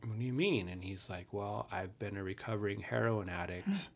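A man in his fifties with a low, gravelly voice that crackles with fry. He recounts a painful chapter of his youth in a frank, earnest way. He swears casually as he talks. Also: moderate pace. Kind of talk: candid personal storytelling.

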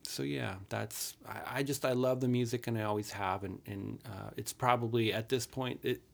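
A man's voice: medium pitch, steady tone, moderate pace, creaky. A man in his fifties telling a personal story from his youth in a frank, earnest way, with casual swearing.

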